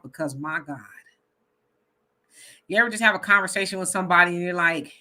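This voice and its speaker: A woman hosting a casual live stream, reading viewer comments aloud, animated and laughing often. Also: fairly low pitch, fairly quick. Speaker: host reading live chat.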